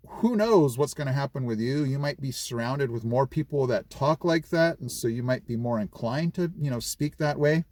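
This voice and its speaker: Casual man vlogger, middle-aged, mid-pitched voice, dry sound, lots of "you know". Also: warm tone, no room sound. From California. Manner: rambling, chatty, many fillers and restarts. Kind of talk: casual vlog chat.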